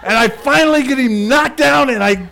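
A middle-aged male pastor preaching and telling a lively personal story, shouting and laughing at its peaks. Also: extremely high pitch, moderate pace, vocal fry, some chatter behind.

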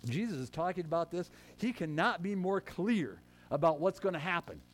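A man preaching a sermon as a pastor, swinging between loud proclamations and soft, chatty asides, with quick self-corrections. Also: a little high, sing-song.

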